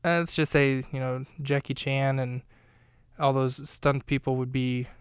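Smooth-voiced chatty male podcast host. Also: mid-range voice, level tone, unhurried, dry recording, studio quality. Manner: talkative, digressive, frequent fillers and self-corrections. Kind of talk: casual rambling recap of a film scene. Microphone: close studio mic.

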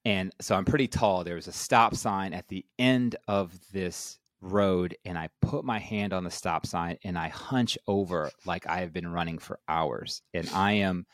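A man's voice: low-pitched, unhurried, hardly any pauses, no echo, clean studio sound. A man in his forties, a guest telling his story candidly and acting out quoted voices with animation. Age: 40s.

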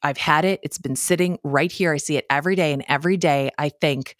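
A woman's voice: low voice, fairly quick, hardly any pauses, no room sound, clean studio sound. A woman with a Midwestern American accent hosting a solo podcast from her home office, chatting in a casual, self-deprecating way and laughing often. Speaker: podcast host.

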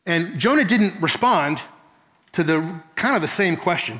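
A man's voice: high voice, expressive, measured pace, a bit bright. A man preaching a Bible-teaching sermon, earnest and explanatory, with rhetorical questions and occasional self-corrections. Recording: long reverb of a large hall.

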